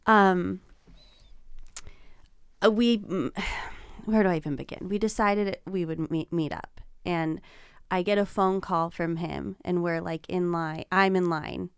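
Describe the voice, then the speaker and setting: A woman's voice: lowish voice, unhurried, smooth, dry recording, clean studio sound. Giggly woman telling dating stories. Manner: giggly, animated storyteller who acts out quotes. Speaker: podcast guest. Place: podcast studio.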